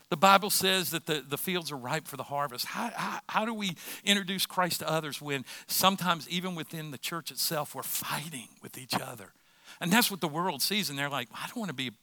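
Impassioned high-voiced pastor. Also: male voice, bright, forceful tone, no echo. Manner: impassioned, repeats phrases for emphasis. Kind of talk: sermon.

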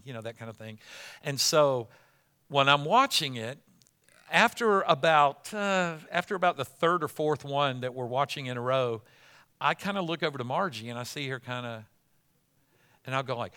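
A man's voice: mid-range voice, bright, forceful tone, clear, resonant tone. A middle-aged man preaching a sermon, moving from casual storytelling into emphatic calls to the congregation. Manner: conversational storytelling, then rising to emphatic preaching. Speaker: pastor.

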